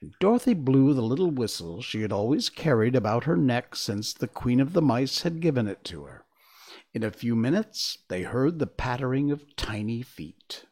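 A man reading a children's storybook aloud, slow and expressive. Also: mid-range voice.

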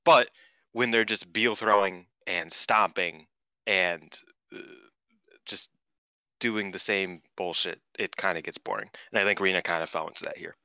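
A man's voice: sits low, a little slow, sharp tone, no room sound. A man with a Chicago accent, co-hosting a podcast in blunt, profane casual chat full of filler words. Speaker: podcast co-host.

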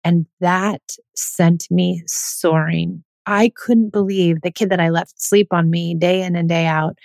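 Candid woman with vocal fry. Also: on the low side, steady tone, a little slow, darkish tone, no room sound. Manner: candid, reflective, confessional. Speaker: mother telling her parenting story. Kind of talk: personal monologue.

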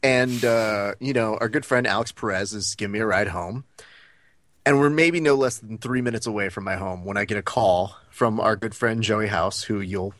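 A man's voice: fairly low pitch, normal speed, no room sound. A man co-hosting a podcast, telling a story casually and acting out the lines of the people in it. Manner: animated storyteller, acts out quoted lines. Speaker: podcast co-host.

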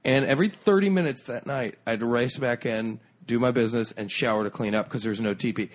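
A male comedian tells a long misadventure as a podcast guest. His voice sits at an ordinary middle pitch, and he swears freely while he keeps acting out what everyone said. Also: quick pace. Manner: animated, profane, acts out other people's lines.

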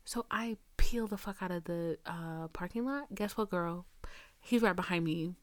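On her podcast, a young host recounts a dating story casually, swearing freely, addressing the listener as "girl," and slipping into a near whisper for asides. She speaks a little slowly in a lowish voice, and there's no echo.

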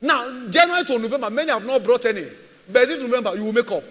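A man's voice: extremely high pitch, very fast, fairly bright tone, long reverb tail. A man preaching a sermon as a pastor, emphatic and repetitive, firing rhetorical questions at his church.

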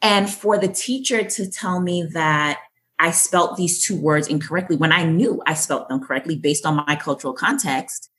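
A woman from Jamaica answers interview questions with thoughtful, measured storytelling. Her voice sits low in pitch and she takes her time. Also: fairly bright tone. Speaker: guest.

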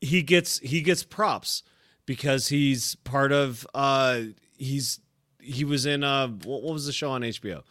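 A man's voice: mid-range voice, a little slow, fairly bright tone, no echo, studio quality. A man co-hosting a casual podcast, ranting with lots of swearing. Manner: profane, ranting. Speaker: podcast co-host. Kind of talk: casual chat.

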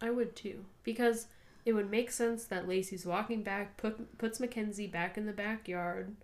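A woman's voice: medium pitch, fairly even intonation, normal speed. Agreeable woman co-hosting a crime podcast. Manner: agreeable, chimes in with short replies. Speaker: podcast co-host. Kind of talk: casual true-crime chat.

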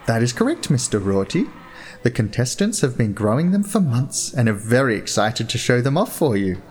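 A man's voice: medium pitch, sing-song, normal speed, a little mellow, breathy edge. A man voicing a timid, eager male townsman who speaks politely.

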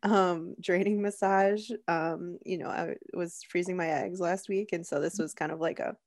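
A woman co-hosts a podcast in relaxed chat, laughing often and rambling through fillers. She sounds a little groggy. The voice is dry and close. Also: fairly low pitch, normal speed, dry recording. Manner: giggly, rambling, with frequent fillers. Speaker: podcast co-host.

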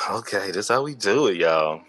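A man hosting a casual interview, playful and quick to laugh. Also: lowish voice, wildly swooping pitch, a bit bright, slightly rough. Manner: playful, laughing, drawn-out phrases. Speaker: podcast host. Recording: muffled lo-fi audio with faint music.

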